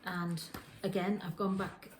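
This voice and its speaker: She has a lowish voice with a level tone and a measured pace. Hosting a knitting podcast in her home kitchen, she rambles through casual show-and-tell, often restarting and correcting herself, while background noise and room echo fill the audio.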